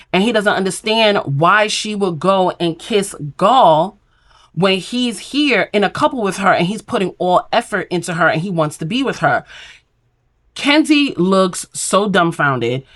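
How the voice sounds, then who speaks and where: A woman recapping a reality show in casual chat, blunt and opinionated, acting out what the cast said. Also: mid-range voice. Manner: blunt, sassy, opinionated, acts out quotes.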